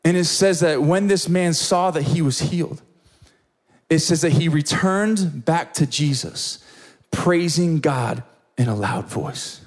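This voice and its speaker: A man's voice: a little high, slow pace. A young man preaching a sermon to young adults, telling a story with lots of energy and stammered repeats.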